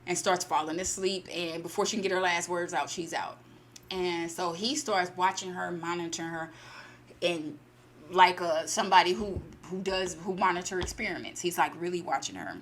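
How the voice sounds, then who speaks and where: A woman casually retelling a short story to her channel, acting out the characters' lines with lively bursts. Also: lowish voice, a little hiss or hum. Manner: animated, acts out character lines. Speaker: storytelling host.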